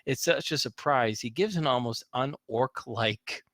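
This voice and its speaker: A man running a tabletop game as game master, narrating in an animated way with frequent laughter. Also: medium pitch, unhurried, slight background noise.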